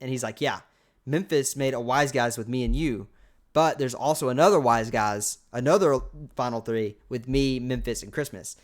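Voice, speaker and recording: A man's voice: mid-range voice, moderate pace. A young man co-hosting a podcast, rambling through a casual episode recap with lots of fillers and asides. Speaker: podcast co-host.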